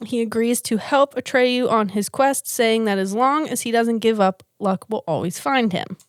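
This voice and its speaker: A woman's voice: a little high, normal speed, clear, resonant tone, no echo, clean studio sound. Giggly woman retelling a film plot. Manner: giggly, animated storyteller who laughs often. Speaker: podcast co-host.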